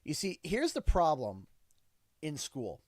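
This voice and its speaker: A man hosting a livestream in a relaxed, chatty way, his pitch leaping up and down as he acts out little dialogues. He sits somewhat high in pitch for a man. The sound is dry and close, with no room around it. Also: slow, no echo. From Canada. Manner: animated storytelling, acts out his kids' and his own lines in quotes. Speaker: livestream host. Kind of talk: casual livestream chat.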